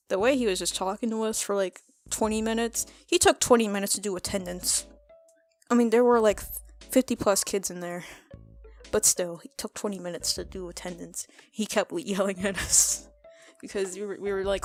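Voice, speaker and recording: A woman's voice: medium pitch, normal speed, faint music behind. Rambling teenage girl telling school stories. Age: teens. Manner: rambling, laughing, self-correcting. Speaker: art vlogger. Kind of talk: casual storytime over a speedpaint.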